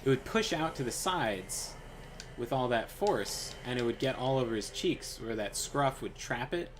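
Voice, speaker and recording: With a faint hiss or hum in the recording, a young man streaming a game rambles through a story at normal speed in a medium-pitched voice. He's animated, uses lots of fillers, and does voices for the quotes as he plays.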